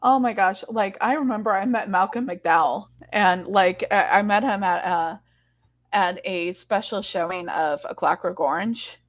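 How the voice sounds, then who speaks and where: A woman's voice: mid-range voice, unhurried, dull audio. Chatty woman telling a story. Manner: animated storyteller, many restarts. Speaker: co-host. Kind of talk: casual chat.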